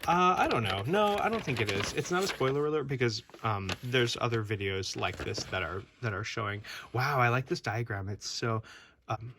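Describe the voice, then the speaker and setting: A man's voice: mid-range voice, animated, moderate pace, noisy background. A man rambling casually through a toy unboxing review at home, chatty and full of restarts and asides. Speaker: toy collector vlogger.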